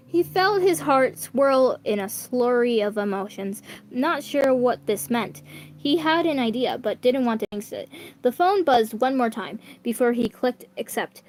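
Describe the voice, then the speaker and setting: A woman with a fairly high voice reads online fan fiction aloud at a measured pace. Her delivery is casual and chatty, with asides, and she often stumbles and corrects herself.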